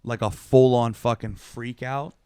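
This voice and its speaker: A man in his thirties rambling through a story on a comedy podcast, poking fun at himself. His mid-range voice is smooth and resonant, recorded close and dry. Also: mid-range voice, fairly even intonation, a little slow, warm tone, no echo. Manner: rambling storyteller, self-mocking, heavy filler words. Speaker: podcast co-host. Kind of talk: casual comedic chat.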